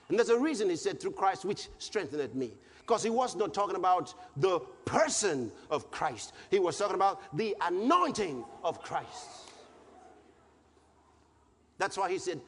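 A man preaching a sermon, repeating phrases for emphasis and shouting lines of scripture. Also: high-pitched, animated, normal speed. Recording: reverberant hall with faint noise.

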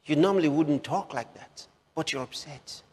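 A man preaching a sermon, slow and repetitive, with emphatic rises on key phrases. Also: fairly high pitch, darkish tone, breathy edge. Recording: long hall reverb.

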